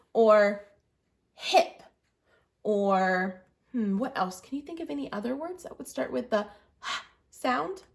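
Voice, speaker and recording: A woman teaching a children's reading lesson, patiently walking young learners through writing letters and saying their sounds. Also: medium pitch. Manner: encouraging, patient, prompting the viewer to repeat. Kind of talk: early literacy lesson, guiding children through letter formation.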